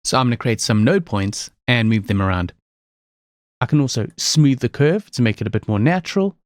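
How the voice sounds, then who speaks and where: Guy walking thru an audio editing tutorial, calm and steady, dead dry mic. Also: mid-range voice, brisk, no echo. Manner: calm, explanatory, step-by-step. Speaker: software tutorial presenter. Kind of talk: screen-recorded software tutorial.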